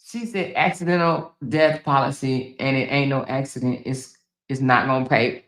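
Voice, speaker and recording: A woman hosting a casual livestream, reading viewer comments aloud and laughing, teasing and swearing freely as she talks straight to her viewers. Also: normal speed. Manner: animated, swinging between loud exclaims and low asides. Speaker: blogger and livestream host.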